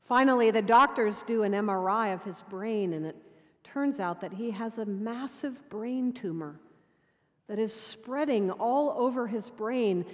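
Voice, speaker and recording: Woman preacher, sermon, fairly high voice, measured storytelling, long cathedral reverb. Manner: measured storytelling, drops to quiet intimacy.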